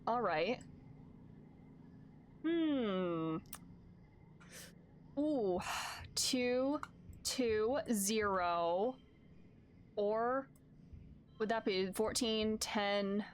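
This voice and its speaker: A woman's voice: medium pitch, expressive, extremely slow, pauses often, slight background noise. A young woman streaming a narrative game, making chatty, joking asides while reading it aloud. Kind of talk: casual game let's-play commentary.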